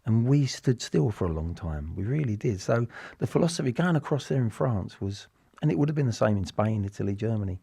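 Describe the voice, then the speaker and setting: A man's voice: on the low side, animated, fairly quick, gravelly, warm tone, husky, no echo, clean studio sound. An English man in his sixties, a former footballer talking in a rambling, reflective way with many restarts as an interview guest. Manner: rambling, with frequent restarts and repeated words. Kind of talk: casual reflective interview talk.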